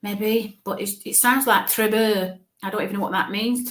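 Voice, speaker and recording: A woman works through a live mediumship reading, pausing and restarting as she thinks aloud. Her voice sits at an ordinary middle pitch for a woman. The recording carries a noticeable roomy echo. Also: a bit bright. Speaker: psychic medium.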